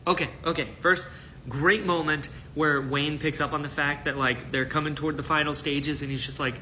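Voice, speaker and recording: A man giving a casual, excited reaction recap of a fantasy novel, swearing freely and slipping into quick character voices. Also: on the high side, slight background noise. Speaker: book reviewer.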